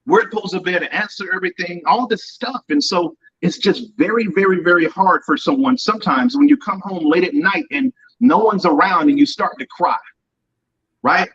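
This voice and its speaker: A man's voice: high voice, moderate pace, a bit bright, breathy edge, highs cut off. A man speaking as a guest on a panel talk, earnest and rambling, often repeating words. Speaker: guest entrepreneur.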